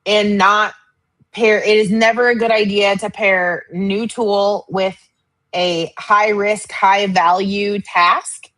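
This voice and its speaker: A woman co-hosting a casual chat about teaching, thinking aloud quickly and using "like" often. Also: medium pitch, fairly even intonation, a bit bright, low-quality recording. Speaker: podcast co-host, educator.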